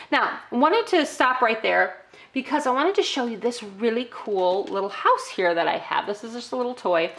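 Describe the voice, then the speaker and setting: A woman's voice: on the high side, animated, normal speed, gravelly, fairly bright tone. A middle-aged woman teaching parents a toddler activity, often breaking into exaggerated sing-song child-directed talk. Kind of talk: instructional demo for parents.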